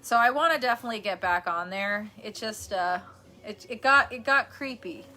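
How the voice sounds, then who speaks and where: A woman's voice: medium pitch, expressive, normal speed, sharp tone. A woman from New York chatting casually on a livestream in her bedroom, reading out comments, rambling and laughing often. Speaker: streamer.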